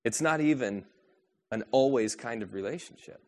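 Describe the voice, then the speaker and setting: A man preaching a sermon, asking rhetorical questions and moving between a soft, low delivery and a raised, urgent one. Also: animated, moderate pace. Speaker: pastor.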